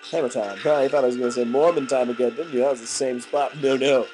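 A man with a sick, hoarse voice, making crude jokes as he talks over a video game. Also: mid-range voice, quick pace, soft background music. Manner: joking, crude and excitable. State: hoarse from illness. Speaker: let's player. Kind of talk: casual gameplay commentary. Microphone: desk microphone.

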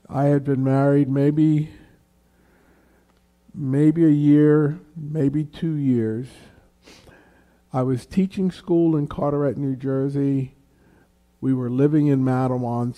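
A man telling a personal faith story before a church gathering, his voice deeply mellow and warm-toned. He takes his time, speaking slowly and letting the story unfold. He lifts his voice when he acts out what others said. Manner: slow, unhurried storytelling that raises the pitch for quoted voices.

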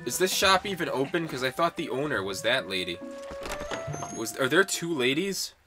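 A man's voice: medium pitch, expressive, normal speed, over music. A young man casually commenting on a video game in a playful, rambling way. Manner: playful, rambling, chuckling asides. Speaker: let's-play gamer.

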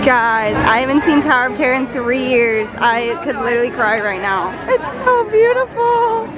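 A young woman vlogging in a casual, gushing, excitable way at an outdoor theme park. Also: fairly high pitch, a little fast, a crowd in the background, low-quality recording. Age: young adult. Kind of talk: casual vlog.

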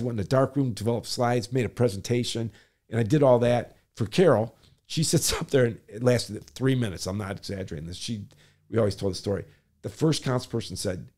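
A man's voice: mid-range voice, a little mellow. An older man, a former city planner, telling a long story in an interview and acting out the people he quotes.

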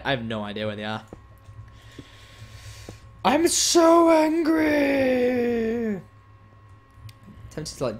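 A man's voice: on the low side, a little hiss or hum. A young man hosting a gaming channel, chatting casually and teasingly while he plays, now and then frustrated. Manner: playful, teasing, swings between chatty and frustrated. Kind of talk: casual gameplay commentary.

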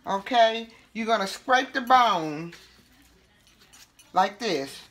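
A woman's voice: medium pitch, lively intonation, slow pace, a bit bright. A woman, chatting casually as she demonstrates home cooking. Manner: chatty, folksy, talks while working with food.

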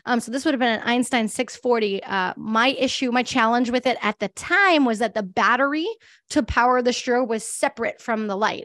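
Bubbly chatty woman with a high voice. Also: dry recording, clean studio sound. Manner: chatty, laughs often, many "like" fillers. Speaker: guest speaker, pet photographer. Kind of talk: casual presentation with audience Q&A.

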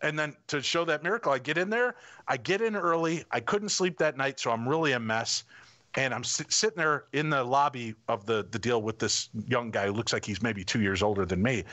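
A middle-aged man telling stories as a guest in a casual interview, animated and acting out the people in them. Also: mid-range voice, brisk, muffled recording.

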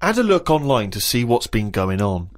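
A man's voice: medium pitch, big pitch swings, moderate pace. A man hosting a radio chat show, reading out diary entries in a dry, mock-serious way and laughing often. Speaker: radio host.

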